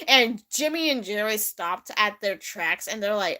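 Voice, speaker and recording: A woman's voice: mid-range voice, lively intonation, a little slow, pushed and bright. A young woman telling a rambling, giggly made-up story on a livestream. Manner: giggly, rambling, breaks into voices and song.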